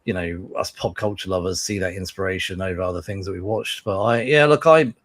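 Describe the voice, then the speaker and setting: A man hosting a casual film-review podcast, talking haltingly and steering the group discussion. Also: deep voice, fairly bright tone, no room sound. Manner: halting, many fillers and restarts. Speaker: podcast host.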